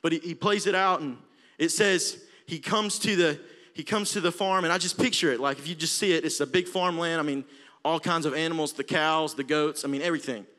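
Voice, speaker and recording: A young man from Alabama with an Alabama accent preaching a sermon in a church auditorium, passionate, swelling from quiet talk to near-shouting. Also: fairly high pitch, fairly even intonation, brisk. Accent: Southern US, Alabama. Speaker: youth preacher.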